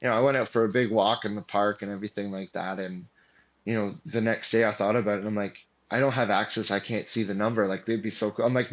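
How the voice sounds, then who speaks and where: A man's voice: fairly low pitch, fairly even intonation, fast, dull audio. A man as interview guest, telling his story casually with lots of fillers and restarts. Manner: rambling, many fillers and restarts.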